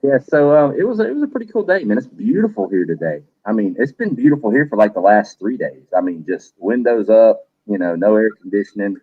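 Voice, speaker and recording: A man's voice: on the low side, expressive, fairly quick, hardly any pauses, breathy edge, dry recording, phone-quality sound. A middle-aged man hosting a livestream, chatting loosely, cursing now and then and greeting viewers by name. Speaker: livestream host. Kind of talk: casual livestream chat.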